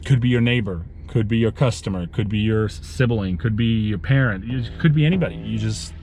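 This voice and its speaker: A man's voice: fairly low pitch, a little mellow, soft background music. Emotional man talking while driving. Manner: halting, emotional, with many restarts. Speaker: lawn care business owner vlogging. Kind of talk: emotional vlog storytelling.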